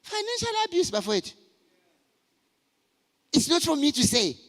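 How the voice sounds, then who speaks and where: Animated man in a hall. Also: very high voice, moderate pace. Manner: animated storytelling, shouting for emphasis. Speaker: conference speaker. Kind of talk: motivational talk to men. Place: large conference hall. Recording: hall reverb.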